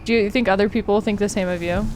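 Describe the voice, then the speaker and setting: Chatting casually as she games on stream, this woman speaks fast with fairly even intonation in a medium, slightly mellow voice. Her Californian Valley Girl accent comes with nonstop "like" and "oh my God" and frequent laughter, and there's slight background noise.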